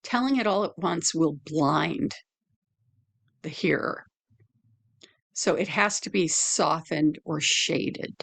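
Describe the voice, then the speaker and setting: A woman teacher giving a lecture analyzing a poem, deliberate, with fillers and self-corrections. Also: deep voice, vocal fry, fairly bright tone.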